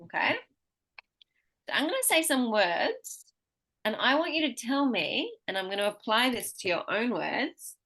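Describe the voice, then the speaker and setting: A woman teaching pronunciation one-on-one, patiently modeling words slowly and clearly for her student. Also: on the high side, big pitch swings, fairly bright tone.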